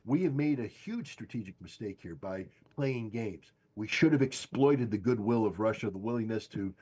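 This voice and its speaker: An older man gives emphatic political commentary, driving his points home by repeating them. His voice is low and husky, with a dark, mellow tone. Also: lively intonation, normal speed. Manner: emphatic, insistent, repeats key phrases. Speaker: guest analyst. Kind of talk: political commentary on a podcast stream.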